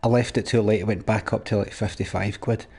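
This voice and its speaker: A young man live-streams a game, chatting with viewers and ranting at chat in a sweary, mock-exasperated way. His lowish voice is steady in tone, brisk, creaky, husky and darkish.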